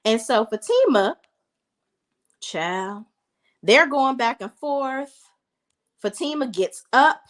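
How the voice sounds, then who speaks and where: A woman hosting a casual recap vlog, chatty and animated, talking straight to her viewers. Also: high voice, takes it slowly, long pauses. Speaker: reality TV reviewer.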